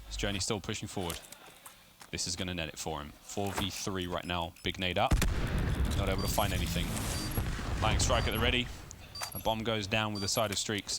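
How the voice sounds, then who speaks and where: Male play-by-play caster, low register, quick hype calls, clear game noise under the voice. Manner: rapid play-by-play, rising to shouts on big plays. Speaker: esports caster. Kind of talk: play-by-play commentary.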